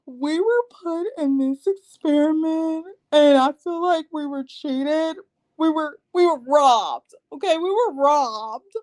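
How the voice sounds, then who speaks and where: A woman's voice: high-pitched, slow pace, darkish tone, dry recording, pitched above the performer's own voice. A woman doing a mocking impression of a tearful young woman who whines and pleads that nothing is her fault. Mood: whiny, tearful. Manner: sobbing, self-pitying, dramatic.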